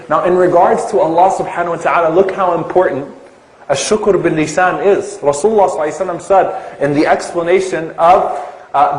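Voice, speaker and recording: High-voiced man giving an Islamic lecture. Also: reverberant, low-quality recording. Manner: asks the audience questions, drawn-out emphasis on key terms. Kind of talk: religious lecture to a live audience.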